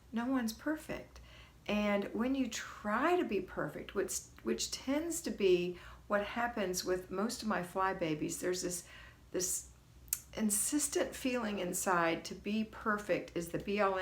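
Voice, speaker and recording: Chatty middle-aged woman hosting a live stream. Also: mid-range voice. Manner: chatty, greets viewers by name, folksy and encouraging. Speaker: host of a homemaking livestream. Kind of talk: casual live coaching talk.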